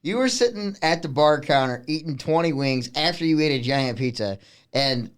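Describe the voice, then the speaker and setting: A man in his twenties co-hosting a podcast, retelling a bar story in animated casual chat with frequent laughs. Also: a little high, normal speed, clear, resonant tone. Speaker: podcast co-host.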